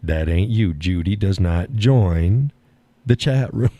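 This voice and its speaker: Older male stream host, folksy and wry, mellow tone, dead-dry close sound. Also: deep voice, animated, slow pace, no echo. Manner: folksy, sardonic, chuckling often. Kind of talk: casual political chat.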